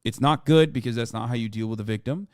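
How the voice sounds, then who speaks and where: A man's voice: medium pitch, fast, smooth, no room sound, clean studio sound. A male streamer reading text messages aloud and commenting on them, stressing his points emphatically.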